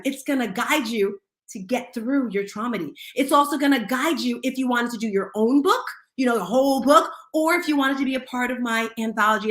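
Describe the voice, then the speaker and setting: A woman with a fairly high voice hosts a live audio room, speaking in an earnest, story-driven motivational style. Her voice carries a roomy echo around it. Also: fairly bright tone. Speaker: host of an audio chat room. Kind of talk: casual motivational talk.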